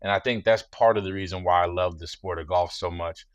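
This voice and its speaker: Low-voiced man, reflective. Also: fairly even intonation, no room sound. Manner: measured, reflective, says "you know" often. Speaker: guest, former football player. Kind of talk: relaxed interview talk.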